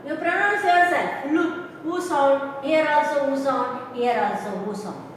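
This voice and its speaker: High-voiced woman teaching slowly in an echoey room. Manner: slow, repetitive, keeps checking students understand. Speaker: English teacher. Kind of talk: recorded pronunciation lecture. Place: classroom or room with a board. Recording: echoey room, voice far from the mic.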